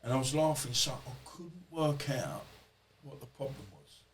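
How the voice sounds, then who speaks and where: A man's voice: mid-range voice, animated, moderate pace, slight background noise. A man, a podcast guest, telling stories in a rambling, colloquial way and swearing freely. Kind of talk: casual storytelling interview.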